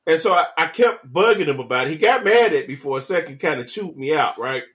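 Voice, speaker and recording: A man's voice: a little high, animated, brisk, fairly bright tone. A man with a slightly raised voice tells a childhood church story at an easy pace. He drawls, restarts his sentences and keeps coming back to "man" as he builds to the punchline. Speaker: podcast co-host. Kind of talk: casual storytelling chat.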